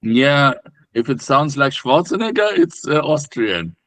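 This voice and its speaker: A man joining as guest in a casual discussion, speaking in a measured, dry way with some fillers. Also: mid-range voice, big pitch swings, fairly bright tone.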